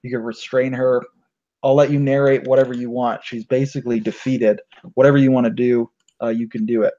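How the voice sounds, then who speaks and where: A man who is game master, narrating a tabletop game in a relaxed way, with plenty of fillers. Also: medium pitch, a little fast. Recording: dull lo-fi recording.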